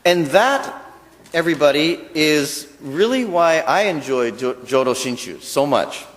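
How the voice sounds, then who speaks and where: Man minister, casual joking dharma talk, lively pitch, echoing temple hall. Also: measured pace. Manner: chatty and joking. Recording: long reverb of a temple hall.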